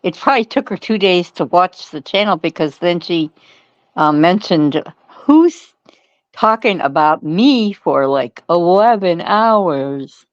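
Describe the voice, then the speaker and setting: A woman chatting as a guest on a livestream, halting and restarting her stories. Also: fairly low pitch, expressive, no echo. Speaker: stream guest. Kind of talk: casual chat. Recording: dull, dry lo-fi call audio.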